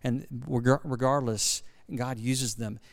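A man's voice: medium pitch, fairly even intonation, measured pace. A middle-aged man preaching a sermon, talking casually and asking the congregation questions. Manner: conversational, asks the congregation questions. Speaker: guest preacher.

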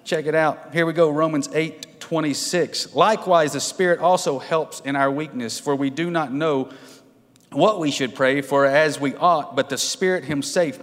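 At normal speed, a man with a higher, slightly bright voice gives a midweek sermon in a church sanctuary, where a long reverb tail lingers. He chats with his congregation, asking them questions, repeatedly adding "right?" and asking for a show of hands.

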